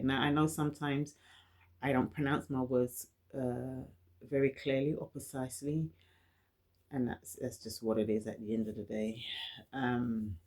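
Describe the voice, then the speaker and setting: A woman's voice: a bass voice, darkish tone. Earnest London woman who stutters. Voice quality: stutters, with frequent repeated words and restarts. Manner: candid, earnest and encouraging, with light laughs. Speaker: vlogger. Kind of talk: personal reflective talk to camera.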